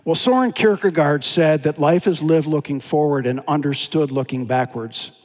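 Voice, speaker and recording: A pastor preaching a sermon, telling Bible stories in an animated, dramatic way. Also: male voice, a little high, normal speed. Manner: storytelling, animated with dramatic retellings. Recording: long hall reverb.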